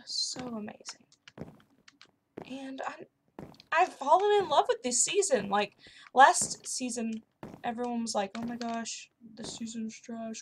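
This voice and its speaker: A young woman chatting casually and excitedly while playing a video game. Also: a little high, slight background noise. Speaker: gaming YouTuber. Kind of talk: casual commentary over gameplay.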